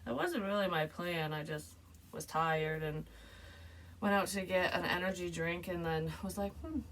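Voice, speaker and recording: Low-voiced chatty woman reading tarot. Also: normal speed, fairly bright tone, a little hiss or hum. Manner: rambling, chatty, laughs often. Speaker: tarot reader. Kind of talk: casual tarot reading vlog.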